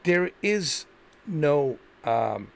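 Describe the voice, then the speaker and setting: A man's voice: on the high side, very animated, very slow, gravelly. Guy ranting on his channel, mad, says the same thing over and over. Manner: indignant, repetitive, emphatic. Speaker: commentary channel host. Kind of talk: ranting video commentary.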